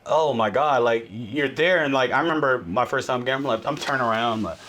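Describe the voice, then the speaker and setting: A male podcast guest in casual chat, telling animated stories and acting out what people said. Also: mid-range voice, brisk, slight background noise. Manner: animated storyteller, acts out quotes.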